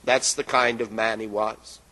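A man's voice: lowish voice, little pitch movement, bright, forceful tone, poor audio. A man preaching a sermon in an emphatic way, drawing out phrases and letting them fall at the ends. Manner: emphatic, drawn-out phrases with falling endings.

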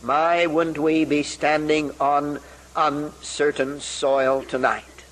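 A man delivering a sermon in a somewhat high voice. He speaks earnestly and deliberately, explaining scripture and pressing his points with rhetorical questions and repeated phrases. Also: level tone, fairly bright tone, a little hiss or hum, poor audio. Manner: emphatic, with rhetorical questions and repetition; earnest, deliberate Bible exposition. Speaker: preacher.

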